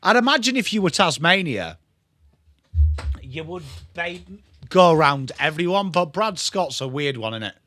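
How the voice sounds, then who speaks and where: A man's voice: on the high side, big pitch swings, normal speed, pushed and bright, a little hiss or hum. A young man hosting a live football watchalong, calling the play and chatting with viewers in a casual, swearing, bantering way. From England. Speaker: watchalong host.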